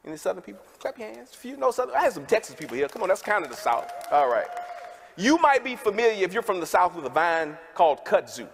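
A man with a notably high voice preaches to a gathered congregation, folksy and direct, calling out to the people in the pews. His words ring out with a long reverb from the big worship hall. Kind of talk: sermon.

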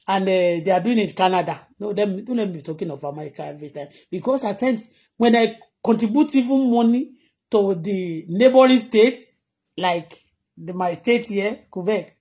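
A Nigerian blogger with a Nigerian accent chats casually on a live stream from home in Canada. The voice sits mid-range and is slightly mellow, and the blogger laughs a lot and moves freely between languages.

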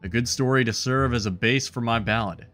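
A man's voice: mid-range voice, a little fast, fairly bright tone, faint music behind, close to an everyday voice. A man voicing a nervous, earnest young male bard while reading game dialogue aloud. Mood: earnest, wistful. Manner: reads the bard's lines aloud in his own voice.

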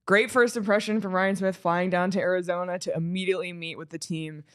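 A woman's voice: fairly low pitch, fairly even intonation, a little fast, no room sound, studio quality. A woman co-hosting a sports talk show, dismayed, reading news updates aloud.

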